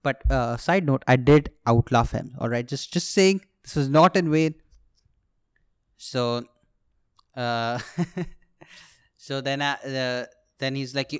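This young podcast host with an Indian English accent, who hopes to be a comedian, tells a story as a comedic monologue in a clear, resonant, medium-pitched voice. He goes slowly and pauses often. He's animated, swears without restraint, and cracks up at his own jokes.

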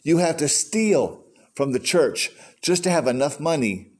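Older man, pastor, conversational sermon, acts out quotes, somewhat high voice. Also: very animated, measured pace, slightly rough.

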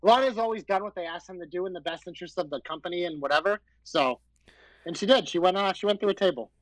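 A man's voice: high voice, fast, no room sound, rough recording. A man co-hosting a wrestling podcast, chatting casually, teasing and swearing now and then. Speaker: podcast co-host.

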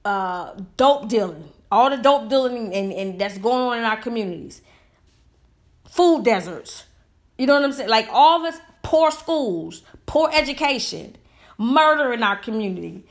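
A woman's voice: a little high, lively intonation, a little slow. Heated woman ranting. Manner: heated, emphatic, rhetorical questions. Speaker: commentator. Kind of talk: impassioned opinion monologue.

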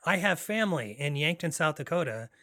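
A man hosts a podcast in loose film chat, his voice sitting a bit high for a man. He rambles, circles back and gets excited as he goes. The sound is dry and close. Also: fairly quick, no room sound. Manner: rambling, excitable, many fillers and restarts. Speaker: podcast host. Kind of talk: casual film discussion.

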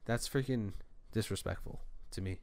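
A man's voice: on the low side, moderate pace, darkish tone, no echo. A man who runs a store department, telling a rambling, frustrated story to his viewers in a casual rant. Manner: frustrated, venting.

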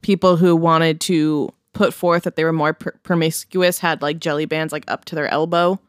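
A woman's voice: low-pitched, fairly even intonation, no room sound, clean studio sound. A young woman co-hosting a podcast, chatting in a wry, easygoing way. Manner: chatty, wry, quick agreement. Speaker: podcast co-host. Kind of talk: casual chat.

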